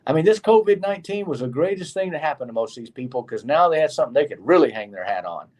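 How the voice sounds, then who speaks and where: A middle-aged man co-hosts a relaxed chat and tells stories with lively swings in his voice. He acts out the people he quotes, and his voice sits a little higher than most men's. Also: fast. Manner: animated storyteller acting out quoted people. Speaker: co-host. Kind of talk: casual show chat.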